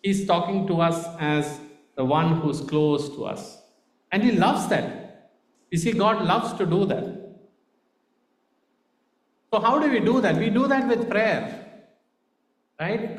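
A man's voice: high voice, lively intonation, takes it slowly, long pauses, roomy sound. Indian-accented man preaching conversationally. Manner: conversational, frequent "right?" tags. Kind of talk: sermon.

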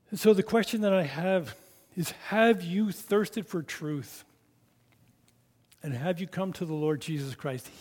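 A man preaching a sermon, telling the story slowly and dramatically in a reverberant church hall. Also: sits high. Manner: dramatic storytelling, slow and emphatic.

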